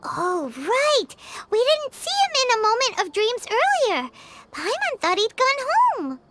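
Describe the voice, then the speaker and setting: A woman voicing a tiny excitable fairy companion who talks about herself in the third person, in a video game. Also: a little slow, slight background noise, heavily acted. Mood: excited. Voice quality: high squeaky childlike voice.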